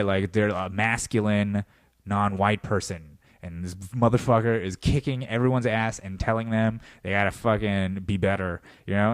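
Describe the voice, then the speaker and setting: A man hosting a podcast in a comedic monologue, riffing in an animated, profane way and dropping into mock voices. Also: mid-range voice, no room sound, studio quality. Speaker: podcast host. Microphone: podcast mic.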